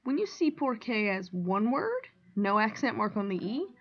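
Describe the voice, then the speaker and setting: A woman teacher walks through a language lesson at a steady, deliberate pace, reading out examples and explaining each one. Her voice sits at an everyday middle pitch. The recording is a little dull and lo-fi. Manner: clear, deliberate explaining with example sentences read aloud. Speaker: Spanish teacher.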